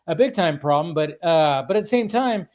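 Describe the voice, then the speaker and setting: Casting note: man, slightly high voice, animated stream host, rambles and restarts. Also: fairly quick. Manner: rambling, animated, many restarts and acted-out quotes. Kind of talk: casual chat.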